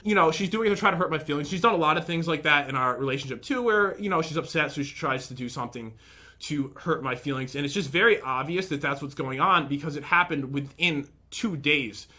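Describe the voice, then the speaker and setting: A man's voice: fairly high pitch, a little fast, sharp tone. A young man in casual commentary, rambling and aggrieved as he reads out and picks apart messages from an ex. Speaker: vlogger.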